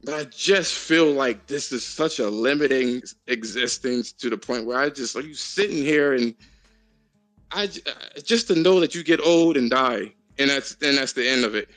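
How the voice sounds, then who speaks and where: A man's voice: medium pitch, animated, moderate pace, a bit bright, dry recording, faint music behind. A man hosting a casual group voice chat, talking frankly and with a lot of profanity. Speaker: host of an online voice chat.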